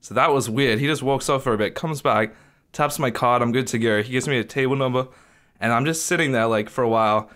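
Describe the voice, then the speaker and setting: Young man, vlogger, casual storytelling, animated, filler-heavy. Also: mid-range voice, a little fast. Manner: animated retelling, heavy use of "like".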